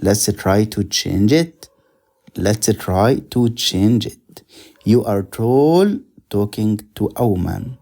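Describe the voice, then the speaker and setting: Slow, mellow-voiced male teacher. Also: lowish voice, lively intonation, creaky. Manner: patient, repeats words slowly for drilling. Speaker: Arabic teacher. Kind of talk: slow explanatory language lesson.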